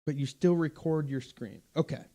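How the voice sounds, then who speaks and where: A man's voice: fairly high pitch, normal speed, warm tone. A man hosting a live stream as a pastor, chatting casually with viewers and rambling through fillers, restarts and self-corrections.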